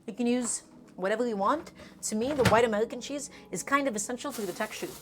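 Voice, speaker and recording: A woman's voice: fairly high pitch, fast, background noise. A woman chatting casually through a live cooking stream, emphatic and talking to her viewers as friends.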